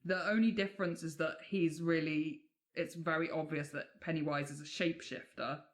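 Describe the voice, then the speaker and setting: A woman's voice: low voice, fairly even intonation, moderate pace. A woman from England, a podcast co-host telling folklore tales in a chatty way with casual swearing and many fillers.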